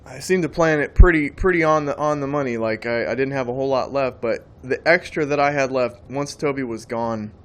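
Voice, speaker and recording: A man preaches in a plain, mid-pitched voice. He talks emphatically and loosely, circling back and repeating phrases as he builds his point. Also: fairly quick, hardly any pauses. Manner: emphatic, rambling, repeats words. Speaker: Christian speaker. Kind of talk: preaching monologue.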